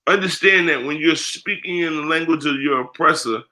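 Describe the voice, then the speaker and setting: Speaking a little fast in a fairly high, pushed, bright voice, an American spiritual priest gives a candid interview as a guest. He talks bluntly and leans heavily on profanity and street slang.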